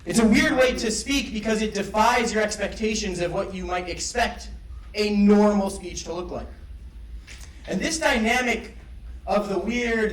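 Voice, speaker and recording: A young man giving a graduation speech as valedictorian, wry and playful, then reflective. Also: high voice. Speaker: valedictorian speaker. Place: large ceremony hall. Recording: roomy hall sound from a distant mic.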